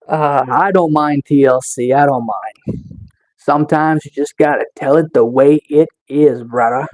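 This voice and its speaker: A man's voice: on the high side, measured pace, a little mellow. A man live-streaming in a casual chat, teasing and taunting the trolls in his chat with sarcastic mock-tough boasts.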